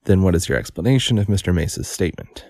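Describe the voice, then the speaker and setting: A man reading the questions of a stern, sharp coroner. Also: low voice, quick pace, no echo.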